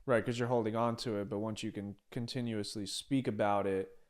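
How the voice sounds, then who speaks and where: A man's voice: fairly low pitch, steady tone, brisk. A man hosting a podcast, chiming in with short agreements and reflective follow-ups in casual chat. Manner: brief agreeing interjections, then reflective follow-up.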